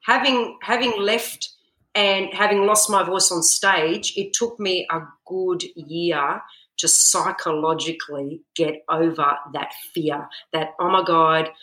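Guest: woman singer, dramatic storyteller, bright voice, roomy echo. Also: lowish voice, takes it slowly. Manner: animated storyteller, acts out her own panic in quotes. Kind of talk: podcast interview. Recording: echoey room.

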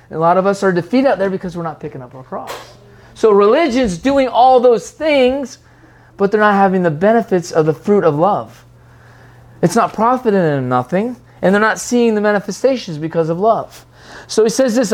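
Animated preacher acting out voices. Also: medium pitch, normal speed. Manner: animated, acts out quoted voices, rambling restarts. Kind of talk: sermon.

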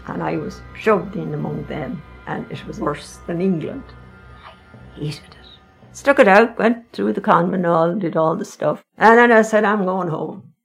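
This older Irish woman, an interviewee, reminisces about her family's past in a frank, wry, conversational way. Her voice is on the low side and creaky.

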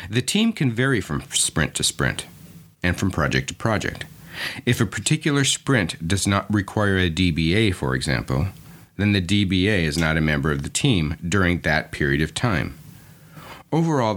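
A man hosting a podcast lesson, explaining clearly and methodically. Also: low voice, fairly bright tone. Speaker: podcast host.

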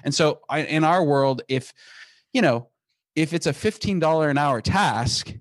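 A man being interviewed about the business he founded. He talks in an emphatic, energetic way and often restarts his sentences. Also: fairly high pitch, a little slow, no echo. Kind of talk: casual interview talk.

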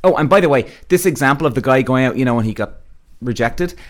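A man's voice: medium pitch, quick pace. A man hosting his own podcast, ranting casually and bluntly with lots of swearing. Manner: blunt, heavy swearing, animated. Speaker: podcast host.

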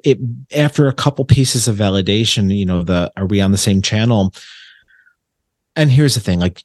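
A low-pitched man from Buffalo, New York, guesting on a podcast as a medium. He talks in long, looping anecdotes padded with fillers and false starts. The recording is close and dry. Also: darkish tone, no echo. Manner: rambling storyteller with many fillers and restarts. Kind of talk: casual chat.

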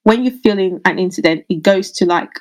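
A woman midwife answering interview questions in an earnest, thoughtful way, often pausing over her words with fillers. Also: medium pitch, rough recording. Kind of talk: interview answers, casual conversation.

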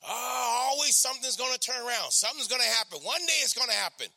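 A preacher voicing a hopeful, dreaming mother who insists loudly and tearfully that things will change. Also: extremely high pitch, expressive, fast, vocal fry, long reverb tail, pitched above the performer's own voice, heavily acted. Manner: rising, shouting, tearful insistence.

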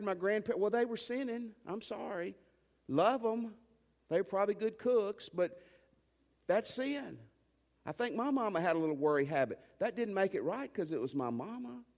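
A man's voice: sits high, long reverb tail. A man preaching a sermon as pastor, emphatic, with folksy asides and urgent commands. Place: church.

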